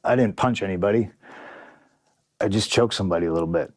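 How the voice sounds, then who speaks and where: A man's voice: low-pitched, quick pace, dry recording, studio quality. A man in a casual podcast interview, telling a story in a profane, vivid way and acting out what others said. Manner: profane, vivid, acts out dialogue. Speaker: podcast guest, pro wrestler.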